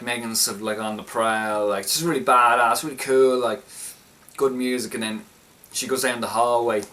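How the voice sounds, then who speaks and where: A man's voice: medium pitch, fairly bright tone. A young man casually recapping a film he liked, rambling and often restarting his sentences with enthusiasm. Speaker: film reviewer. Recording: slightly distant mic, faint background noise.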